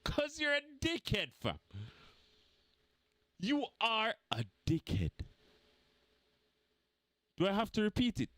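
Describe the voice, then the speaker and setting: A man rants about football in a high, wildly swinging voice. He mocks his rivals and hammers the same points again and again. The sound is close and dry, with no room around it. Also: takes it slowly, long pauses, no echo. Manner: animated, mocking, repeats points for emphasis. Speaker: football fan vlogger. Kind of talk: heated football fan rant.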